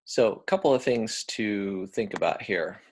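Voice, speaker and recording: An American man giving a recorded lecture, talking in a relaxed, hesitant way with many ums and uhs. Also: lowish voice, a little slow. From United States.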